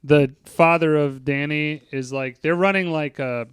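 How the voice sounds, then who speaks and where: A man's voice: on the high side, fairly even intonation, unhurried, smooth, dry recording, studio quality. A man co-hosting a movie review podcast, talking in a loose, joking and profane way. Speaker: podcast co-host. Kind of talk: casual chat, movie review.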